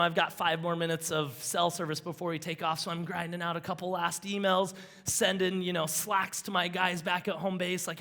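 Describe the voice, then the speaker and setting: Bright, high-voiced man telling a rambling story. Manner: rambling, easily sidetracked, enthusiastic. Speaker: conference speaker. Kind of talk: energetic storytelling talk on stage.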